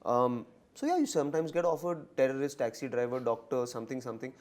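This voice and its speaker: A man with an Indian accent answering interview questions in a fast, animated way, switching between English and Hindi. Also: mid-range voice. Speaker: actor and comedian guest.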